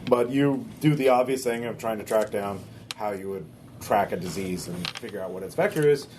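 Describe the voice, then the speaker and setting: A man's voice: on the low side, fairly quick, background noise. Man narrating as game master. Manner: relaxed, many filler sounds.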